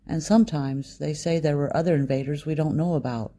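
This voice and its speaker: A man reading the lines of a blunt, impatient local man, with a gravelly, mellow voice. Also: a little high, fairly even intonation, fairly quick, natural voice.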